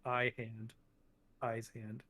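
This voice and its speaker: A man playing a tabletop game, answering in a halting, unsure, deadpan way. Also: medium pitch. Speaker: player. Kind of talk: casual tabletop role-play.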